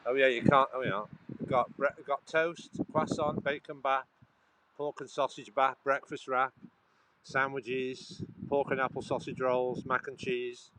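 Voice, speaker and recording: Guy, casual phone vlog, rambling chatty delivery, average pitch, slight background hiss. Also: little pitch movement, a little slow. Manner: chatty, rambling, restarts sentences. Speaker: vlogger. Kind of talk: casual walking vlog chat. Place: outdoors in rain, then inside a coffee shop.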